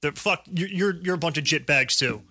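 Man, from New Jersey, podcast co-host, high bright voice, profane rambling, repeats words. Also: fairly quick, slight background noise. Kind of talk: casual chat.

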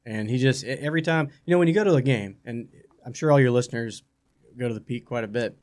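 A man's voice: medium pitch, fast. Rambling male sports radio host. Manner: rambling, repeats words when excited. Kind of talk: casual sports talk. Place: radio studio.

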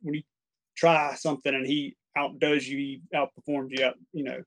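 A man's voice: mid-range voice, level tone, normal speed. A man talking as a podcast guest about hunting, earnest, often restarting his sentences. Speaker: podcast guest, turkey hunter. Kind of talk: casual chat.

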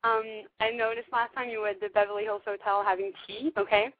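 A woman's voice: mid-range voice, steady tone, quick pace, no echo. A young woman calling in who chats eagerly, full of fillers and small laughs. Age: young adult. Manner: chatty, giggly, filler-heavy. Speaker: caller. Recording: tinny phone line.

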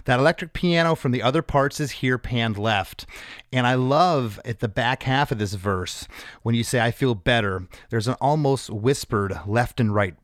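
A man's voice: medium pitch, dry recording, clean studio sound. A man hosting a casual chat, enthusiastically walking through a song's production, often restarting his words. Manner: enthusiastic, halting with repeated restarts. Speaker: host. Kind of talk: casual song breakdown chat.

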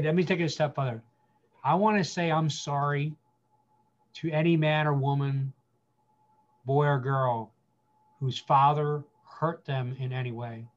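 A man speaking as a guest pastor, giving earnest counsel with emphatic repetition, slowing down to stress key phrases. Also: a little high, fairly even intonation, highs cut off.

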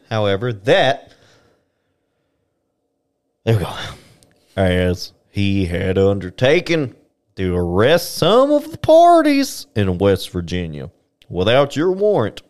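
A man with an animated, swooping voice reads archival history on a casual podcast. He takes his time, sliding through long formal sentences at an unhurried pace and stumbling over a word here and there. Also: lowish voice. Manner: reads archival text aloud with stumbles and laughs. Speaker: podcast co-host reading history.

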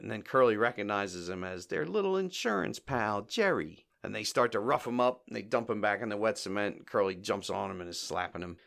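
Casting: male podcast host, lowish gravelly voice, chatty recap style, acts out quotes. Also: fairly quick, a bit bright. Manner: chatty, acts out quoted lines, laughs often. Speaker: podcast host reviewing comedy shorts. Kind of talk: casual recap commentary.

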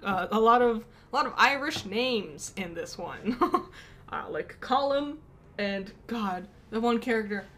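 A woman's voice: on the high side, lively intonation, measured pace, a bit bright. A woman co-hosting a casual podcast, chatty and laughing often as she talks. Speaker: podcast co-host. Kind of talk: casual chat.

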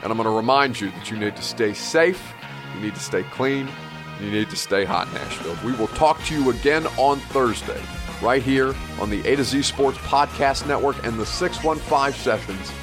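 A man's voice: mid-range voice, animated, normal speed. A man plays a sports podcast host wrapping up a solo segment with sincere thanks to his audience. His voice sits in an ordinary middle register and carries a touch of emotion. Faint music plays underneath. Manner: earnest, thankful, slightly emotional.

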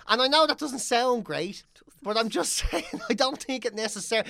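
A man's voice: extremely high pitch, sing-song, normal speed, gravelly, bright, forceful tone. Sweary Irish man telling a story. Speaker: podcast co-host. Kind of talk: casual chat, storytelling.

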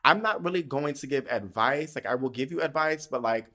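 A man hosting a podcast in casual chat, animated and sassy, swearing freely and laughing often. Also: mid-range voice, brisk. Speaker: podcast host.

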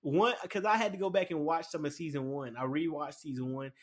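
A man chatting casually and excitedly about a show, rambling with lots of fillers and restarts. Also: a little high, fairly quick. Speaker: anime commentator. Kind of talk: casual chat.

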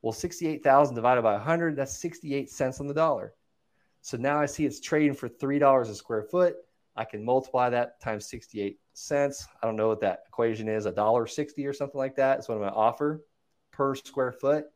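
A land investor appears as a guest on a casual podcast, running through numbers and acting out angry callers in an animated storytelling style. His voice is mid-range and fairly quick.

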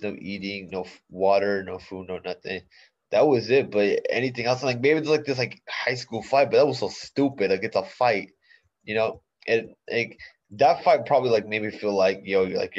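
A young man in his late teens hosting his own podcast alone, talking casually in laid-back slang with lots of fillers. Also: lowish voice. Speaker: podcast host. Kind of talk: casual solo podcast monologue. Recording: dull lo-fi sound.

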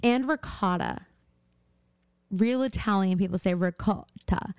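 A woman's voice: mid-range voice, measured pace, a little mellow, smooth, dry recording, studio quality. A young woman co-hosting a podcast in casual chat, rambling with lots of fillers and giggles. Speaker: podcast co-host.

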